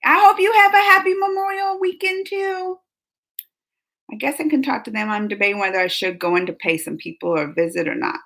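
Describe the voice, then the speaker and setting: Talking a little fast in a high, pushed, bright voice, a woman reacts on a casual livestream and reads comments aloud. She's talkative and rambling with lots of laughter, and the recording quality is low.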